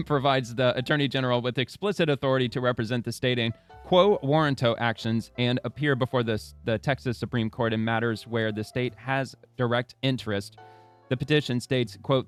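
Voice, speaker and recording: A man's voice: medium pitch, fairly even intonation, brisk, smooth, faint music behind. A man hosting a casual political commentary show, reading a press release aloud and breaking in with blunt, profane asides.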